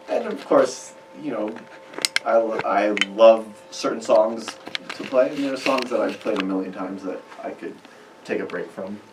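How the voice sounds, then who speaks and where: Guesting on a radio show, a Chicago musician chats in a rambling way at a moderate pace. His voice is on the low side and a little mellow. The studio recording comes from a distant mic, roomy and faintly hissy.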